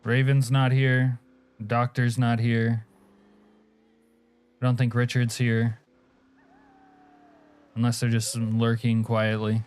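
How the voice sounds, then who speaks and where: A man's voice: mid-range voice, monotone, takes it slowly, long pauses, darkish tone, clean tone. A man from Alaska streaming a game, chatting casually and crudely with viewers, joking and laughing often. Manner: profane, joking, answers chat, laughs often. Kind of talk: casual live-stream chat.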